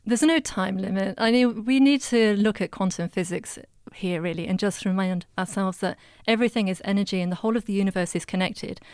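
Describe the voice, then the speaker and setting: A woman, a guest who talks with animals, explaining her views in a calm, earnest way. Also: medium pitch, a little fast, hardly any pauses, clear, resonant tone, no echo, studio quality. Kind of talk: casual chat.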